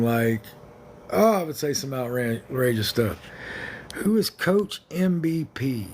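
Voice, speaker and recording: A man's voice: mid-range voice, expressive, measured pace, a little mellow, a little hiss or hum. A man hosting a casual livestream, talking to viewers in a blunt, rambling, joking way. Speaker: livestream host.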